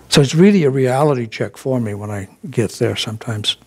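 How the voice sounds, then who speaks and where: A man's voice: medium pitch, brisk, few pauses, a little mellow, husky. A man giving a casual sermon at a spiritual center, folksy and chuckling, with many fillers and restarts. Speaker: spiritual practitioner giving a talk.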